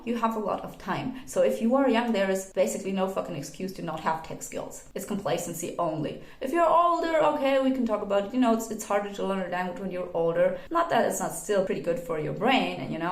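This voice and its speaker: A young woman talks straight to the camera in a roomy, echoing space. Her English is not her first language. She is blunt and opinionated, swears freely, and slips into mocking put-on voices when she quotes other people. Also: mid-range voice. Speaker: video essayist. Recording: echoey room.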